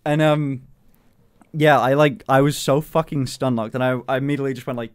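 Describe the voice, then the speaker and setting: A young man, chatting casually on a stream, excitable and swearing, with lots of "like". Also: mid-range voice, brisk, clean tone.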